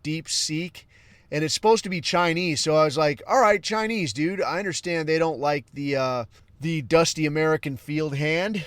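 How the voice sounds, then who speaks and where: A man's voice: fairly high pitch, a bit bright, clear, resonant tone, no echo. A man hosting a podcast, talking in a casual, profane, rambling solo monologue that flares up into heated outbursts. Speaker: podcast host.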